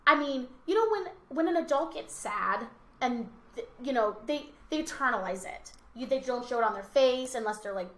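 A woman's voice: sits high, expressive, moderate pace. A young woman, a teacher, co-hosting a casual podcast and telling stories animatedly, acting out the kids' voices. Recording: roomy echo.

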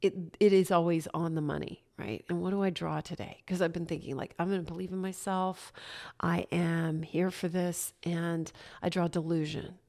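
A woman hosts her own podcast alone, telling a personal story in a casual, animated way. Her voice sits a little low, and she laughs often and acts out what other people said to her. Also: moderate pace. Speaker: podcast host.

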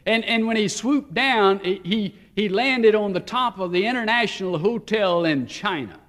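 A man with a high voice delivers a sermon in a story-telling way. He lingers slowly on weighty phrases, then hurries through his asides. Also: animated, fairly bright tone. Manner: story-telling, shifts between slow emphasis and quick asides. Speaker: preacher.

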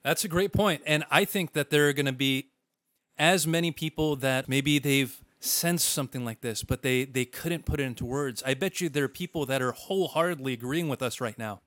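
A man's voice: medium pitch, normal speed, fairly bright tone, dry recording. A man co-hosting a podcast, earnestly agreeing and then speaking with force. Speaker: podcast co-host. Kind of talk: casual podcast talk.

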